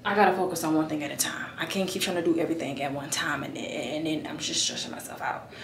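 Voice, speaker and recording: A woman's voice: deep voice, fast talker, background noise. Chatty woman vlogging at home. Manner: chatty, addresses viewers as y'all. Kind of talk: casual chat to camera. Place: home at night. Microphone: camera on a tripod.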